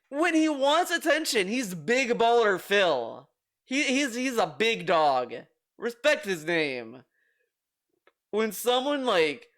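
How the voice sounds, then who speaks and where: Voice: medium pitch, a bit bright. A streamer giving exasperated, ranting commentary on a video, swearing freely. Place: home streaming room.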